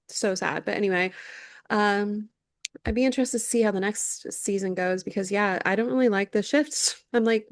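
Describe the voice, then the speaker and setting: A woman's voice: medium pitch, fairly even intonation, moderate pace, dry recording. Chatty woman podcaster, dry sound. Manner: chatty gossip recap, lots of "like" fillers. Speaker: podcast co-host. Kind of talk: casual chat.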